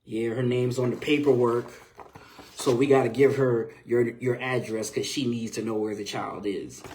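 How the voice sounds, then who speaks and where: A man's voice: mid-range voice, steady tone, normal speed, a little mellow, a little hiss or hum, voice pushed down, natural voice, rough recording. A man voicing an apologetic young male rookie police officer who stumbles over his words.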